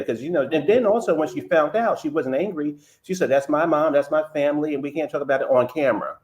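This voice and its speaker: A man in a casual gossip chat, animated and quick to repeat himself while he searches for words. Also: a little high.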